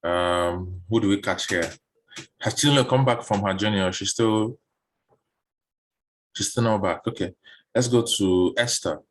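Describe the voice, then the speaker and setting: A man coaching job seekers through interview questions in a relaxed online session, often repeating words while he thinks, heard over a video call. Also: fairly low pitch, measured pace, pauses often.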